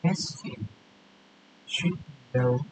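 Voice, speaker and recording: Slow, halting man in an echoey room. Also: fairly high pitch. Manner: halting, repeats and corrects words while thinking aloud. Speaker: coding tutor. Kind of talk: casual screen-share coding walkthrough. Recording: roomy echo with faint hiss.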